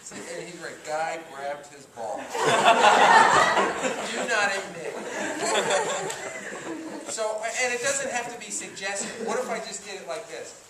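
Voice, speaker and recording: A man teaching an acting class, talking in an animated way and stopping often to act out lines as examples. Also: sits high, measured pace, pauses often, a loud crowd. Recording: echoey room from far off, faint noise.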